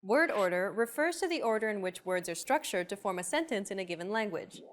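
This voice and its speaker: A woman hosting a language lesson, reading a scripted narration in a clear, upbeat teacher's manner. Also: mid-range voice, expressive, fairly quick.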